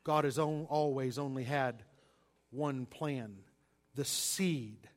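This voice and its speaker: A man preaching a sermon, stressing single words and swinging between loud and quiet delivery. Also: medium pitch, slow. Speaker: pastor.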